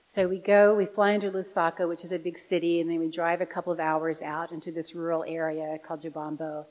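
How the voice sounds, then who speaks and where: Woman telling a story, soft then lively. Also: fairly low pitch, low-quality recording. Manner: animated storytelling, dropping soft and quiet for serious moments. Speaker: volunteer audiologist giving a parish talk. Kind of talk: personal storytelling talk.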